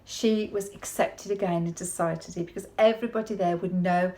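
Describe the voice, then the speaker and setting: A woman's voice: lowish voice, fairly even intonation, brisk, darkish tone, slight background noise. A woman giving a conversational sermon in a chatty, folksy way, often turning to the listener with tag questions. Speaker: preacher.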